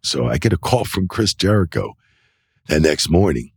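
Very deep, gravelly-voiced man spinning yarns. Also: normal speed, dry recording, studio quality. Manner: animated anecdotes, acts out quoted voices; loose, full of fillers like "you know" and "like". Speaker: wrestling referee telling stories as a guest. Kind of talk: casual interview storytelling. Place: indoor interview set.

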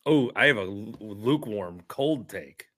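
A man's voice: lowish voice, lively intonation, unhurried, a bit bright. A man joining a casual sports talk show, trading easygoing banter about games and players.

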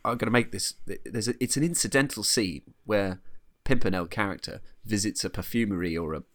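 A man's voice: lowish voice, fairly quick, a bit bright. A man chatting casually about an old film, rambling with restarts and little laughs. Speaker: podcast co-host reviewing a film. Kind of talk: casual chat.

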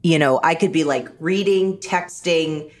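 A woman being interviewed on a podcast, talking in a lively, animated way. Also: low-pitched, measured pace. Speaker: interview guest. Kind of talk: conversational interview.

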